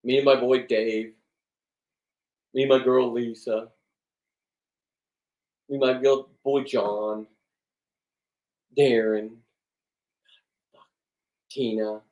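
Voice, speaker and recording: A man's voice: medium pitch, steady tone, drawn-out words, long pauses, a little mellow, lo-fi sound. A middle-aged man in a rambling, blunt vlog monologue, swearing often and restarting his sentences. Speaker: vlogger. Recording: echoey room, distant from the mic.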